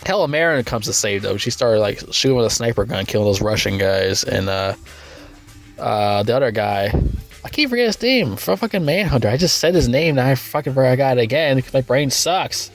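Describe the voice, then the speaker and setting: A man's voice: lively intonation, brisk, soft background music. Rambling, foul-mouthed man reviewing a movie. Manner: rambling and crude, with frequent swearing and fillers; breaks into loud, high-pitched incredulous rants. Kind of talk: casual spoken movie review.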